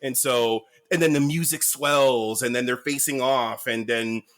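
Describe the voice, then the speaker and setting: A man who is a regular on a podcast, telling stories in an excitable, rambling way during a casual chat. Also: medium pitch, unhurried.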